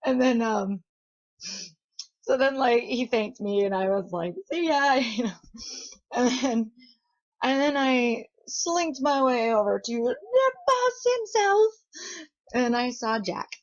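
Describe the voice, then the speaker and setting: Young woman vlogging, giggly chatty storyteller, kinda high voice, muffled lo-fi sound. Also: a little slow, pauses often, no echo. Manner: giggly, chatty, full of fillers and quoted voices. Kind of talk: casual storytelling vlog. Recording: dull lo-fi home recording.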